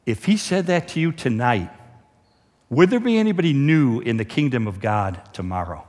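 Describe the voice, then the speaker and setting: A man preaching a sermon as a pastor, telling a story with lively, animated delivery. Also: medium pitch, moderate pace. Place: church auditorium. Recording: reverberant church hall.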